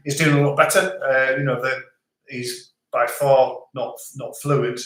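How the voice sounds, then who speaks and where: A middle-aged man, hosting a livestream and reading out viewer comments in a relaxed, chatty way with frequent laughs. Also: medium pitch. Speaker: livestream host. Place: home in rural France. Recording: echoey room.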